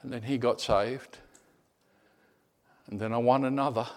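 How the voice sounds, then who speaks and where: Animated man preaching with stories. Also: mid-range voice, unhurried. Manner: animated storyteller, repeats words, drops to a hush. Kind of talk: sermon with personal storytelling.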